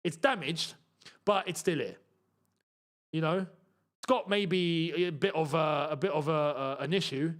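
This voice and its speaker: A young man hosting a live football watchalong, reacting to the match with chatty asides and excited outbursts. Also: fairly high pitch. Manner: excitable, shouts and laughs at chances, chatty asides.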